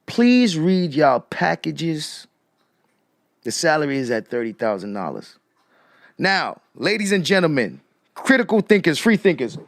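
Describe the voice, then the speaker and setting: A man hosting casual live commentary, repeating rhetorical questions to his viewers and shouting out people in the chat. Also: on the high side, dry recording, clean studio sound. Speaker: commentary streamer.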